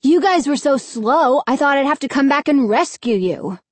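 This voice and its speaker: A woman's voice: sits high, lively intonation, moderate pace, dry recording. A woman voicing a nervous boy who tries to sound tough, in a storybook reading. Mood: uneasy. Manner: insistent, cautious. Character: nervous boy trying to act tough, Danny.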